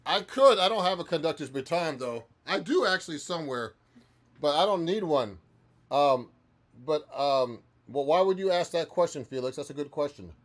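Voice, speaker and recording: Answering viewers during his live-stream practice session, the musician and guitar teacher talks loosely and restarts frequently. He speaks expressively at a moderate pace, with a voice slightly on the high side.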